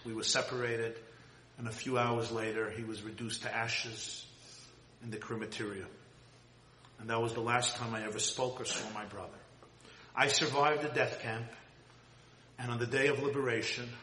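A man giving an impassioned sermon, swinging from loud high cries to hushed low tones. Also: a little hiss or hum. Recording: roomy hall with long reverb.

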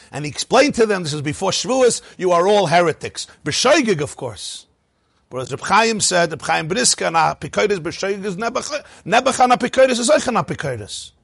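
A man teaching a lively Torah class, asking rhetorical questions and chuckling at his own points. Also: sits high, normal speed, vocal fry, breathy edge, no echo.

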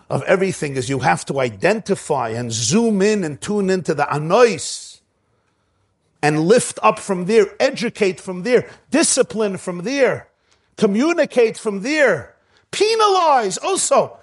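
High-voiced emphatic man teaching Torah. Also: vocal fry, husky. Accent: Ashkenazi Hebrew pronunciation. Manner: emphatic, rhetorical questions, rising excitement. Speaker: rabbi. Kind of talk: Torah lesson sermon.

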